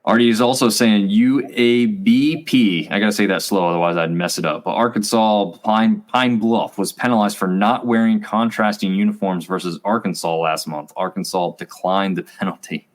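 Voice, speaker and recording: Low-voiced man co-hosting a sports show. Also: fairly quick, hardly any pauses. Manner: relaxed, rambling with fillers. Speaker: co-host. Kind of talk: casual sports chat.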